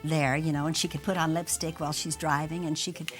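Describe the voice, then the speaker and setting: A woman's voice: low-pitched, level tone, fast, soft background music. A voice actress cheerfully recalling her role in an interview. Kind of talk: reminiscing in interview.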